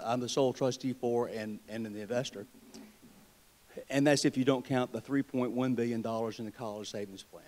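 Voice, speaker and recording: Speaking with a Southern US accent, a state treasurer addresses a convention hall, weaving wry jokes and folksy storytelling into his political speech. He has a mid-range, slightly mellow voice.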